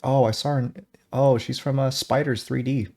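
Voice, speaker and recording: A man's voice: mid-range voice, fairly even intonation, normal speed, darkish tone. A young man co-hosting a podcast in casual chat, teasing and joking dryly. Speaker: podcast co-host.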